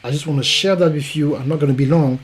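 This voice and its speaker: A man with a French accent giving an emphatic, repetitive promotional pitch as a podcast coach. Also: fast, husky, low-quality recording.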